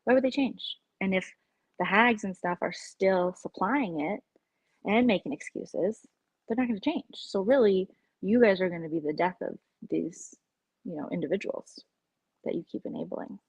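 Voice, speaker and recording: A woman's voice: mid-range voice, normal speed, slightly rough, no echo, rough recording. A woman hosting a casual live-stream chat, gossiping candidly and sometimes dropping to a whisper.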